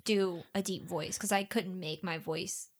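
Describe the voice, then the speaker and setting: A woman's voice: fairly low pitch, steady tone, a little slow. Chatty young woman narrator. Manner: chatty, lots of "like" fillers. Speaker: audiobook narrator. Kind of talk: casual chat.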